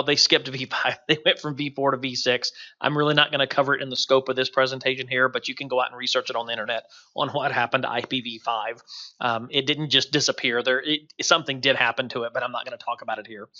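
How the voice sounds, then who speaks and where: A man's voice: medium pitch, sharp tone, dull audio. A man teaching a recorded course lecture over slides, talking loosely with many fillers and restarts. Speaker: instructor.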